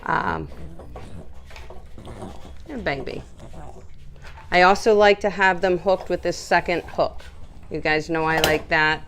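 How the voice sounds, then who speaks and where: A woman's voice: on the low side, little pitch movement, normal speed, gravelly, slight background noise. A woman dog groomer explaining nail trimming and cooing soothingly at a nervous dog while she works. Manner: soothing baby talk to the dog between instructions. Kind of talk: grooming demonstration. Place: grooming room.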